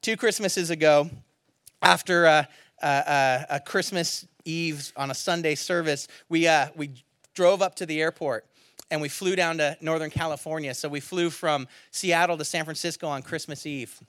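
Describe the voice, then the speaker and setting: Bright-voiced man preaching a sermon. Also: on the high side, steady tone, moderate pace, no room sound, studio quality. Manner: storytelling, swings from loud exclamations to hushed near-whispers. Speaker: pastor. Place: church service.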